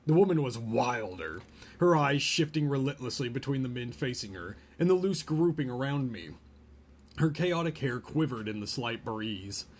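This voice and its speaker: A man reading a novel chapter aloud in a relaxed way, stopping now and then to joke about the story. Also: mid-range voice, moderate pace. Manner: reads a novel aloud, breaks off for joking asides. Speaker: podcast host reading aloud. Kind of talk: casual read-aloud with asides.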